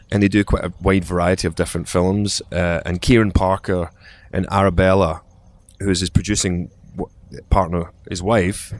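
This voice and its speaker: Deep-voiced Scottish man telling stories. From Scotland. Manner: rambling, with frequent restarts and acted-out quotes. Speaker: actor guest. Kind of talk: casual interview storytelling.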